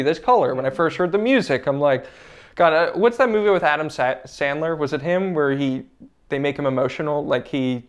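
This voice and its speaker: A young man, a filmmaker guest in a casual interview, talking earnestly with many fillers and growing emotional. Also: mid-range voice.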